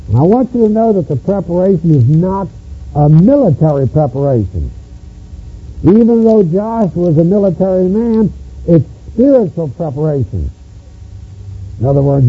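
Emphatic high-voiced male preacher. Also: slightly rough. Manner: emphatic, repeats phrases for stress. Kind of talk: sermon. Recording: muffled lo-fi recording with mains hum.

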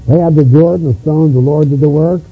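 A man's voice: a little high, steady tone, a little fast, husky. A man preaching a sermon on scripture, stressing his points by repeating phrases. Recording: muffled lo-fi recording with mains hum.

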